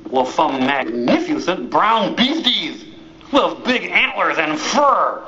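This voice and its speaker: A man's voice: high voice, very animated, a little slow, pushed and bright, a little hiss or hum. Man telling a tale in broken English. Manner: broken-English, sound-effect-laden delivery. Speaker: comic storyteller. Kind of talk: comic fairy-tale storytelling. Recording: roomy, dull live recording.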